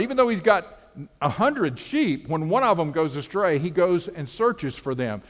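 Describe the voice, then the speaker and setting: A man preaching a sermon as pastor, earnest and conversational, often repeating words as he builds his point. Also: on the high side. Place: church sanctuary. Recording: long hall reverb.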